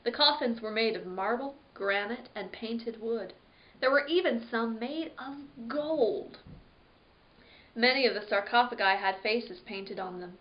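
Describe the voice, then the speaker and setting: A woman library storyteller reading a children's book aloud with a dramatic, lively delivery. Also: fairly high pitch, unhurried. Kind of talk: expressive read-aloud story narration. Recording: dull lo-fi recording.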